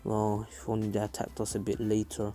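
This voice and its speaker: A man voicing a cocky, laid-back teenage boy ninja in an offhand, softly teasing way, close to his own speaking voice. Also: lowish voice, monotone, fairly quick, lightly acted.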